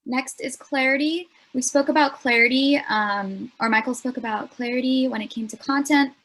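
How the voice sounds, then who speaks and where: A young woman leads a speech workshop with an earnest, explanatory delivery. She fills her pauses with ums, and her voice sits a bit higher than most. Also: fairly bright tone. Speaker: student workshop presenter.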